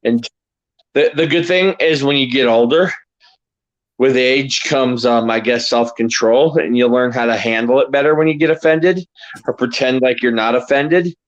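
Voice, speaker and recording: A man co-hosting a casual podcast, chatting and rambling through halting freestyle rhymes. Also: medium pitch, lo-fi sound. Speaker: podcast co-host. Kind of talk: casual chat and freestyle rapping.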